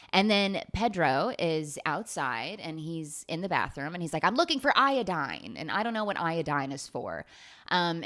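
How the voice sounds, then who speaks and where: A woman's voice: fairly low pitch, fairly bright tone. A woman in her late twenties doing a rambling, profane, self-mocking comedic monologue. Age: 20s. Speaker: comedian host.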